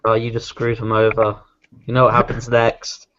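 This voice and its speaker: A man's voice: medium pitch, completely flat delivery, normal speed, a bit bright, lo-fi sound. A man playing a tabletop game, talking casually and easygoing, a bit distracted. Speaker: player.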